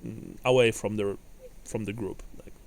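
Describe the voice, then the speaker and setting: A man's voice: fairly low pitch, fairly even intonation, creaky. A man running a tabletop game as game master, narrating with frequent fillers and restarts. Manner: halting, many fillers and restarts.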